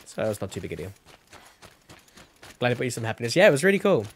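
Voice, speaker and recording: A man's voice: medium pitch, big pitch swings, fast talker, slight background noise. A young man chatting casually while streaming a game, rambling and correcting himself as he goes. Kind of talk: casual gameplay commentary.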